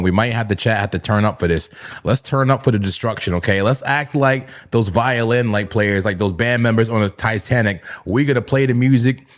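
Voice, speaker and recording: A man hosting a live crypto trading stream, excitable and casual, laughing often and bursting into shouts as he banters with his chat. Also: fairly low pitch. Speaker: crypto trading livestream host. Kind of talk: hyped live trading commentary.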